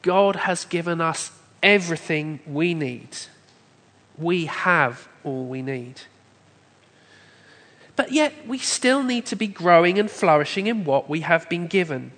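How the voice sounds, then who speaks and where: Man, preacher, sermon, emphatic, measured, higher voice, long church reverb. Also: animated, fairly bright tone. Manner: measured, emphatic, builds points through lists. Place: church hall.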